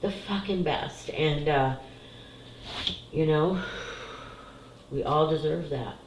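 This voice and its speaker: A middle-aged woman with a low voice speaks slowly as a psychic doing card readings, recorded in an echoey room with background noise. Talking casually to camera, she opens up candidly and emotionally to her viewers about family and spiritual cards. She's tearful at times and swears freely.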